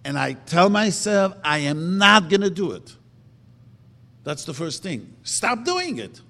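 A man preaching a sermon emphatically, asking rhetorical questions and slowly chanting verses. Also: high voice, very animated, sharp tone. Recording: long reverb of a hall.

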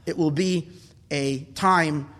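A man giving an impassioned Torah talk as a rabbi, building at times to indignant shouts. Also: on the high side, fairly even intonation, takes it slowly, in a large hall.

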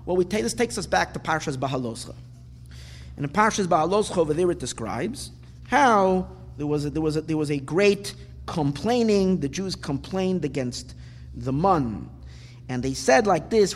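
Guy giving a torah class, fairly high voice, lots of rhetorical questions, long hall echo. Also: moderate pace. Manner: animated, repeats words for emphasis, asks rhetorical questions. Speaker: Torah teacher. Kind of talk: lecturing on weekly Torah portion. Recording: long hall reverb, faint background noise.

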